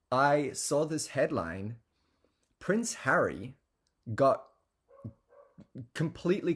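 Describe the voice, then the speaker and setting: A man's voice: medium pitch, slightly rough. A man telling a story in a casual, chatty way, with lots of fillers and laughing asides. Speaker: guest telling an anecdote.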